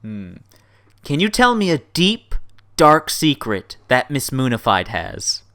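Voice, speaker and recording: A man hosting a casual interview, jokey and excitable, laughing often. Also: medium pitch, slow. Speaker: interview host.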